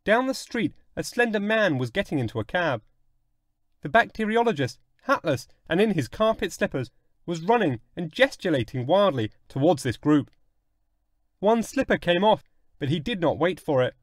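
A man narrating a classic short story in an expressive, dramatic audiobook reading. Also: high voice, moderate pace, no echo, studio quality.

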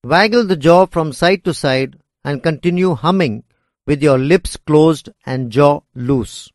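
Man, instructor, unhurried lesson narration, fairly high voice, dry close sound. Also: no room sound. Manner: measured, deliberate reading.

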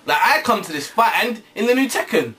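A man's voice: sits high, very animated, fairly quick, sharp tone, far from the mic. A young man in casual chat as co-host, jokey and profane, laughing often. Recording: faint background hiss.

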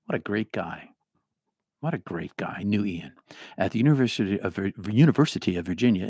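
A middle-aged man with a faint Boston accent, hosting a casual livestream and reading viewer comments in an animated, rambling way that restarts often. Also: fairly low pitch, breathy edge, no room sound, studio quality. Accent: Boston, mostly trained out. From Boston area.

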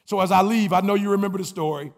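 A man giving an energetic motivational commencement speech in a call-and-response style, with playful sound effects. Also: sits high, quick pace, gravelly, in a large hall. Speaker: motivational speaker.

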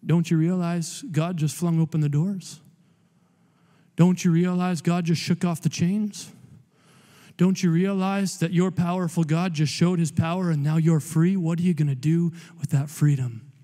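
A man preaching as a guest pastor, animated and conversational, with playful asides. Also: fairly high pitch, normal speed. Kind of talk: sermon. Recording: long hall reverb.

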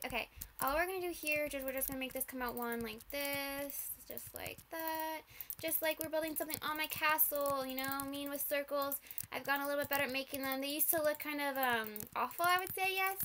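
A young woman commentating on her own gameplay, flustered, rushing and apologizing with nervous laughs. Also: high voice, bright, forceful tone, slight background noise. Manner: flustered, rushed, apologetic, giggly. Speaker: gamer.

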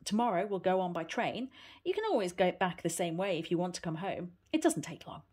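A woman voicing an impatient aunt in a storybook reading, speaking firmly and briskly, sometimes coaxing. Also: lowish voice, animated, darkish tone, slightly rough. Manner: snappy, firm and coaxing. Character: brisk, impatient aunt hurrying a child along.

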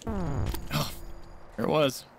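A man's voice: a little high, very animated, very slow, gravelly, background noise. A man streaming a horror game, muttering and swearing as he panics. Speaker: gaming streamer. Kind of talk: live gameplay reactions.

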